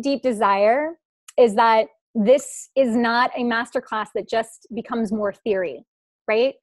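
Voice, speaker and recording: A woman hosts a live online class over a video call. She speaks slowly in a fairly high voice, encouraging and affectionate with the women listening. The sound is dry and close. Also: no echo. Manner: warm, encouraging, affectionate with the audience. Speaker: host of a live online masterclass. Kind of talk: live webinar Q&A.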